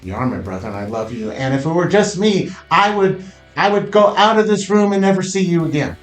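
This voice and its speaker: A man's voice: lowish voice, fairly even intonation, fast talker, a little mellow, natural voice. A man voicing Moses as a fervent, declaiming hill-country preacher, in a roomy echo over faint music.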